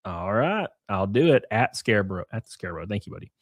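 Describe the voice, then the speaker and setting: A man's voice: lowish voice, very animated, fast, no echo, studio quality. A man hosting a livestream, reading viewer messages aloud in casual, profane banter with frequent chuckles.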